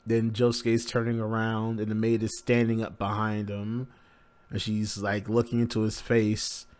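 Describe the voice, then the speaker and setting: A man's voice: fairly low pitch, completely flat delivery, measured pace, a little mellow, clean tone. A man hosting a live manga reaction, narrating the pages casually and crudely with many fillers.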